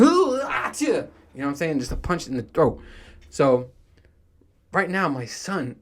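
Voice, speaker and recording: A man in his thirties hosting a solo podcast, chatting casually in a rambling, profane way and laughing often. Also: medium pitch. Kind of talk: casual monologue.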